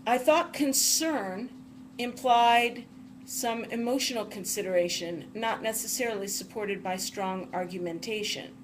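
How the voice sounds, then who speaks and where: Woman, teacher, slow deliberate lecture, slightly high voice, faint background noise. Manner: deliberate, spells out words one at a time while writing. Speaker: literature teacher. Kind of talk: slow, careful lecture reading a text aloud.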